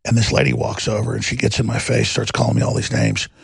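A middle-aged man hosting a talk show, ranting in a heated, mocking monologue with a raspy voice. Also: on the low side, fairly even intonation, quick pace, dry recording. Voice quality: gravelly, raspy.

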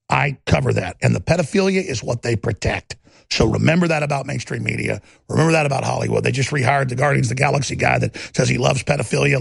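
A talk show host rants through a combative, sarcastic monologue. His voice is heavily gravelly and husky, with a slightly raised pitch. The sound is dry and close. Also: no room sound. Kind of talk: political commentary monologue.

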